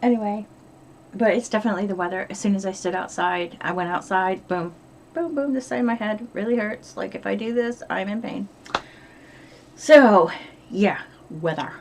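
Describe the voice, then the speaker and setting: A woman's voice: mid-range voice, normal speed, a little mellow. Middle-aged American woman vlogger, chatty and profane, mid-range voice, faint hiss behind. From upstate New York. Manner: chatty, swears freely, rambling. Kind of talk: casual diary vlog.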